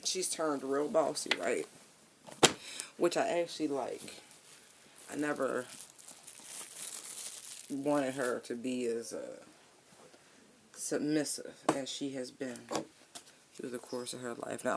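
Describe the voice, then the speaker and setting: Over a noisy background, a mid-range voice delivers a casual tarot reading, thinking aloud and humming at length as each card comes up, in a relaxed, slangy, and profane manner.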